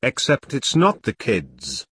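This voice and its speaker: A man's voice: mid-range voice, huge pitch swings, slow, a bit bright, slightly rough, no room sound, studio quality, full character voice. A man voicing a crude male soldier with a mocking, snide delivery.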